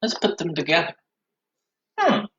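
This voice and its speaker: A man's voice: high-pitched, huge pitch swings, normal speed, a bit bright, highs cut off. A man teaching an online music class for young children, with sing-song call-and-response. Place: home room, recording to a computer.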